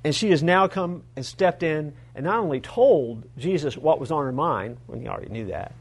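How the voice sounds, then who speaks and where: A male pastor preaching a sermon, retelling a story in an animated way with humorous asides to the congregation. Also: fairly high pitch, breathy edge.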